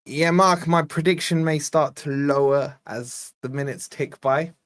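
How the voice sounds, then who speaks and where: A man's voice: on the high side, fairly even intonation, measured pace, a bit bright. A man born in Scotland hosting a live football watch-along, giving casual play-by-play and bantering with his chat. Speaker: fan channel host.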